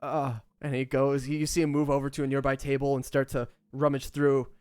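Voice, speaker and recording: A man narrating as game master of a tabletop game, laid-back and quick to laugh. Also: mid-range voice, completely flat delivery, a little mellow, clean tone, no echo.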